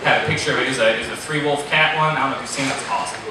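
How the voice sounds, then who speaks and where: A man telling a funny personal story on stage, animated, laughing at himself and swearing freely. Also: mid-range voice, racing. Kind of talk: live storytelling. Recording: echoey hall, distant mic, noisy.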